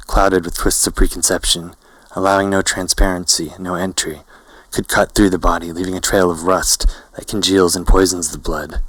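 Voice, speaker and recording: A man narrating a novel in first person, in a slow, hazy, poetic way. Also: low-pitched, a bit bright, no echo, poor audio.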